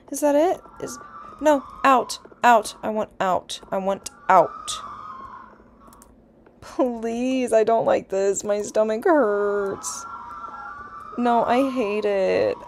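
Young woman, let's-play commentary, gravelly, lively pitch. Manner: chatty, easily scared, swears and laughs nervously. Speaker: gaming YouTuber.

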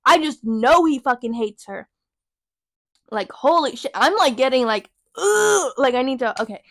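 A woman's voice: high-pitched, expressive, normal speed, dry recording. A young woman hosting a podcast, venting in a heated, profane, emphatic way. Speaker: podcast host. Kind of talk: casual venting monologue.

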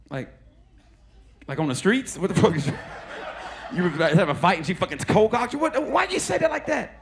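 Animated, gravelly stand-up comic. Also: male voice, high-pitched. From Oklahoma, USA. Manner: animated, profane, crowd-addressing with quick put-on quotes. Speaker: stand-up comedian. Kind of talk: stand-up comedy set. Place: comedy club stage.

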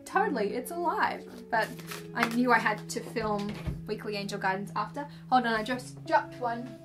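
A woman's voice: high voice, a little slow, fairly bright tone. Woman, casual card reading, gushing, rambling, faint music behind. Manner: chatty, gushing, full of "like" and "um". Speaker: tarot and angel card reader. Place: indoors under filming lights.

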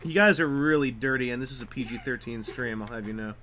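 A man's voice: mid-range voice, quick pace, over a noisy crowd. A man hosting a live model-building stream, joking with friends in mock outrage. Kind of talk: casual chat on a live stream.

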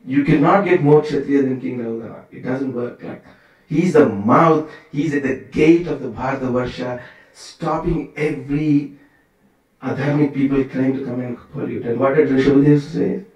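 A man's voice: medium pitch, moderate pace, a little mellow, muffled recording. Brief: male temple speaker, chatty scripture class; distant mic, very echoey hall. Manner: conversational, digressive, full of rhetorical questions. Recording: very echoey room, from far off.

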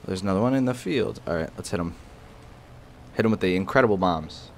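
Young male gaming host, deep lively voice, excitable and profane, faint game noise underneath. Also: brisk, gravelly. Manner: excitable, profane, bursts into shouts. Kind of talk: casual gameplay commentary. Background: game artillery and battle noise.

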